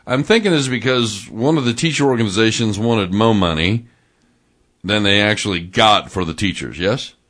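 Folksy morning radio host. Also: male voice, fairly low pitch, normal speed, a bit bright. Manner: folksy, loose, with many fillers. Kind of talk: casual radio interview.

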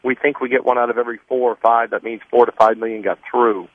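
A man's voice: medium pitch, flat delivery, dry recording. A man in his sixties, out of breath, phoning into a radio show as a political candidate and rattling off figures insistently while walking. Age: 60s. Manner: brisk, number-heavy, insistent. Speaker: political candidate, phone-in guest. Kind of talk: campaign talk on a radio call-in. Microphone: mobile phone while walking. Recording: tinny phone line, dry.

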